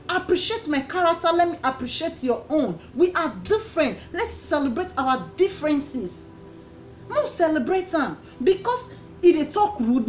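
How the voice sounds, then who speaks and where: A woman's voice: high-pitched, darkish tone, lo-fi sound. A Nigerian woman from Edo State, ranting with passion in a vlog, repeating her questions like a preacher. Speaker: vlogger. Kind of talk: opinion rant.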